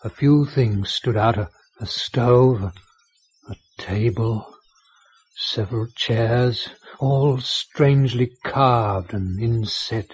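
A man narrating a radio drama in a measured, descriptive storytelling voice. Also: mid-range voice, close to an everyday voice. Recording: muffled lo-fi recording with music.

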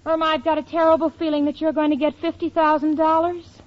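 An actress playing a sensible young working woman in a 1940s radio comedy, brisk and patient. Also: high voice, level tone, lightly acted. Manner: brisk, patient, slightly stammering. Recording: lo-fi old radio recording.

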